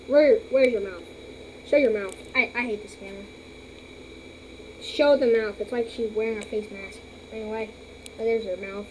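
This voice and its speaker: A woman's voice: on the high side, fairly even intonation, normal speed, pauses often, darkish tone, a little hiss or hum, low-quality recording. A woman hosting a casual toy vlog, rambling dramatically and breaking into shrieks. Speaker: channel host.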